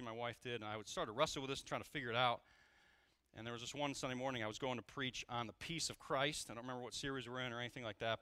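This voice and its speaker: Bright, candid male pastor preaching. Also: mid-range voice. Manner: candid and animated, swinging between loud and hushed. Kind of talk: sermon.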